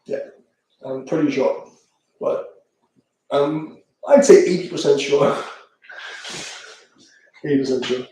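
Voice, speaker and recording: A man's voice: a little high, takes it slowly, long pauses, mellow. A man chatting casually and profanely on a live stream as a tarot reader, rambling and laughing often. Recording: very echoey room, mic far off.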